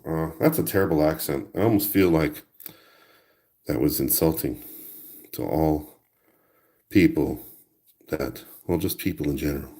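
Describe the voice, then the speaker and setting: A man hosts a crafting video, chatting playfully, talking to himself as he works and humming little tunes now and then. His voice is low and rumbling, mellow, with a measured pace and long pauses.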